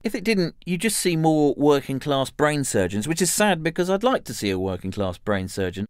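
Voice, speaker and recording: A man's voice: a little high, very animated, moderate pace, smooth, dry recording, clean studio sound. Wry stand-up man. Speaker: stand-up comedian. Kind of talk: stand-up routine.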